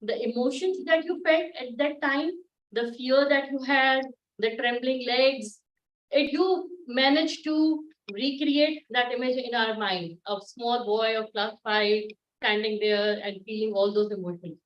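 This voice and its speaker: A middle-aged woman gives a cheerful, encouraging speech evaluation over a video call. Her voice sits fairly high and bubbles along in an upbeat, chatty way. She sounds far from her laptop mic in an echoey room. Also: a little slow, muffled recording. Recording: echoey distant laptop audio.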